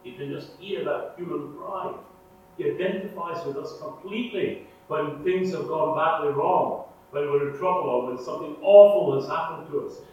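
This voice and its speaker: A man preaching a sermon in an earnest way, swinging between loud emphasis and hushed, prayerful lines. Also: a little high, normal speed, highs cut off. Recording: echoey room, mic far off, faint hum.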